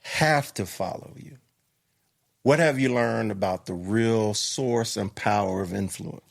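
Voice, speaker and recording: A man hosting a podcast, chatting casually, quick to agree and laugh, lively when he tells his own stories. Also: on the low side, creaky. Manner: warmly affirming, laughs often, animated when telling stories. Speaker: podcast host. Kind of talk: casual conversation.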